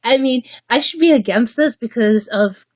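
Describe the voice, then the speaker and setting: A woman hosting a casual livestream chat, rambling and halting as she restarts her sentences. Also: fairly high pitch, a little mellow, no echo. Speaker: livestream host.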